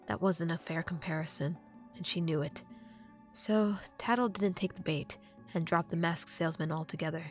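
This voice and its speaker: A woman's voice: on the low side, moderate pace, soft background music. A woman narrating a fantasy novel as an audiobook reader.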